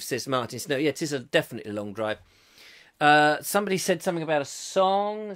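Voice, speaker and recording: A man's voice: on the high side, animated, brisk, fairly bright tone. A man from England hosting a comic live chat show, reading out viewer comments and rambling off into jokes. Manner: rambling, jokey, slips into silly voices. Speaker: host.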